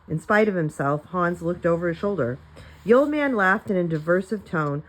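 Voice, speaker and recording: In a roughly recorded session, a woman reads a children's novel aloud to a class in a slightly low voice with lively intonation and a moderate pace. Her delivery is plain storytelling, with light character voices and the odd small slip.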